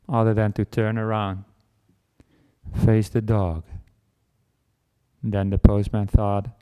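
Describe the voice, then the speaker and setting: With a fairly low, warm, clean voice, a Buddhist monk offers a humorous dharma talk. He plays out a made-up story in a self-deprecating, playful style, barking and mimicking chases.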